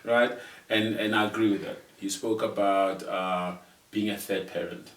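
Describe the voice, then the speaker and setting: A middle-aged South African man chats easily, low in pitch and prone to repeating himself. His voice sounds roomy and a little distant from the mic. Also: fairly even intonation, moderate pace, a bit bright. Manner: easygoing, repeats words and chuckles often. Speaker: podcast host and father. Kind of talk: casual conversation.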